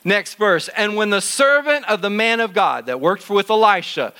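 A middle-aged man teaching in church, telling a Bible story to children in an animated, jokey way. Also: high-pitched, moderate pace, smooth.

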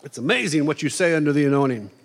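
A middle-aged man preaching a conversational sermon, animated and playing out quoted voices in asides. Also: fairly high pitch, very fast, background noise. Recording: long reverb of a large hall.

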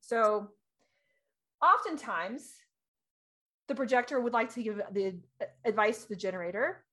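A woman in her thirties chatting casually as a podcast co-host, animated and laughing, acting out quoted voices. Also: on the high side, measured pace. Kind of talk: casual chat.

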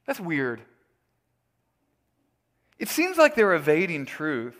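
A man's voice: high-pitched, very animated, slow pace, long pauses. A male pastor preaching a sermon in an earnest, emphatic, storytelling way.

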